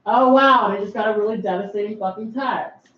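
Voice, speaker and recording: A woman's voice: medium pitch, a little fast, muffled recording. A woman vlogging in a casual, exasperated way. She swears heavily and talks while she puts on her eyeliner. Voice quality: heavy swearing, exasperated and blunt. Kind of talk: casual venting vlog.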